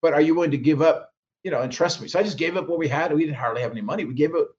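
A man speeds through his stories in an interview, jumping into the voices of the people he quotes and restarting his sentences as he goes. His voice sits a touch high for a man, and the recording sounds dull and muffled. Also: rapid-fire, darkish tone. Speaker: guest minister. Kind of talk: animated storytelling interview.

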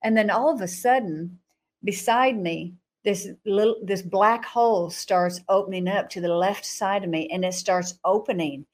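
A woman guest telling her personal testimony in an interview. She talks dramatically, acts out her own past thoughts with sudden jumps in pitch, and laughs between phrases. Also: moderate pace. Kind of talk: animated testimony storytelling in an interview.

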